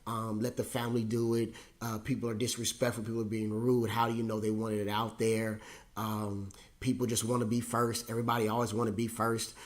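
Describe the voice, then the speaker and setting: A man's voice: on the low side, level tone, a little fast. A middle-aged man from the United States hosting a casual monologue, talking in a rambling, conversational way with lots of fillers and a wry, self-mocking humor. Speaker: host.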